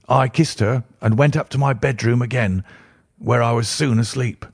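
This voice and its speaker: Husky guy reading an old story audiobook-style, measured and formal, dry close mic. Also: mid-range voice, fairly even intonation, no room sound. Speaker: audiobook narrator. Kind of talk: scripted narration of a classic first-person story.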